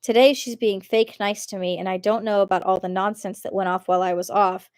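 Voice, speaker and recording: A woman's voice: mid-range voice, steady tone, fairly quick, a little mellow, dry recording, studio quality. A woman live-streaming as she reads online posts aloud, chatty and giggly, often breaking off to comment. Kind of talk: casual live-stream reading.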